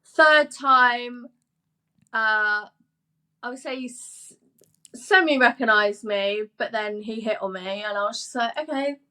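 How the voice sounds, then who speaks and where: A young woman, a sports presenter, telling stories in a casual interview, chatty and quick to act out what people said. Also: on the high side, steady tone, bright, forceful tone. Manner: chatty storyteller, acts out quoted dialogue, laughs often.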